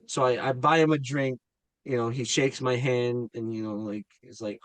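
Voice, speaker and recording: A man's voice: mid-range voice, a little slow, no room sound, low-quality recording. A man who acts in indie films, eagerly telling an anecdote with stammers and repeats. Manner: animated storyteller, stammers and repeats with excitement. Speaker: guest filmmaker and actor.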